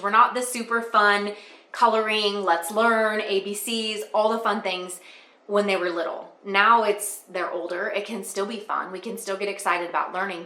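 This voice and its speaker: A woman's voice: medium pitch, sharp tone. A middle-aged woman, a homeschool mom, talking casually and earnestly to camera about her family's routine, chatty with fillers. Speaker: homeschool mom and channel host. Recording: echoey room.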